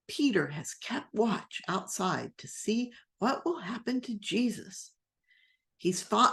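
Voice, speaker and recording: A woman pastor teaching a Bible class in a gentle, rambling storytelling manner, sometimes acting out the quotes. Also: medium pitch.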